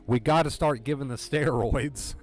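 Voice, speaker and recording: A man at a middle pitch talks straight to his livestream viewers about anxiety recovery. He is earnest and direct and keeps repeating his points to drive them home. Faint music plays in the background. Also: normal speed. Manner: earnest, repetitive, direct pep talk.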